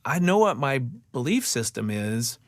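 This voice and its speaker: Gravelly-voiced male podcast host. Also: medium pitch, sing-song, moderate pace, dry recording, clean studio sound. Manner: reflective and empathetic, sums up what the guest has said. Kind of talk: interview conversation.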